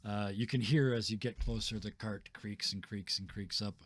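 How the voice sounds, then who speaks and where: A man running a tabletop game as game master, describing scenes in a relaxed, chuckling way with many fillers. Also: on the low side, normal speed. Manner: laid-back, chuckling, filler-heavy.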